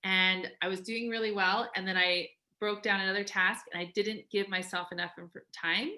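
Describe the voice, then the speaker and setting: Bright-voiced woman coaching a group. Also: mid-range voice, fairly even intonation, normal speed. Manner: chatty, acts out quoted voices, many "like"s. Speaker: life coach. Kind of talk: live group coaching talk.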